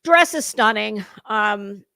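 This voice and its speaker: A woman's voice: mid-range voice, animated, slow pace, vocal fry, sharp tone, clean tone, no room sound. A middle-aged American woman, chatting casually and ramblingly as host of a live fashion commentary stream, self-deprecating and friendly with viewers. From United States.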